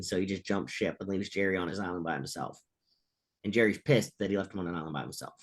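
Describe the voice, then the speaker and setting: A man with a lowish voice co-hosts a laid-back sports chat. He reads out league news and then rambles through his takes, stuffing his sentences with "like" and "you know". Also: fast talker. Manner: rambling, filler-heavy, lots of "like". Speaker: co-host. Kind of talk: casual sports talk, reading news items.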